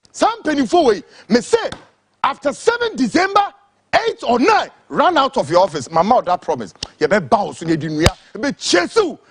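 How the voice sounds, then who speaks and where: Angry Ghanaian man ranting, husky. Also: very high-pitched, no room sound. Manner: angry, shouting insults, switching between English and Twi. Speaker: political commentator. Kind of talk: impassioned political tirade.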